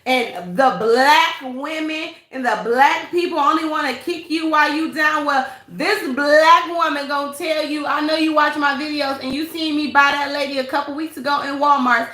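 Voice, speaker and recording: Sassy, bright-voiced woman streaming live. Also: high-pitched, moderate pace, few pauses, echoey room. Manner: blunt, sassy, greets viewers by name. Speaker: livestream commentary host. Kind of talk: casual live-stream gossip commentary.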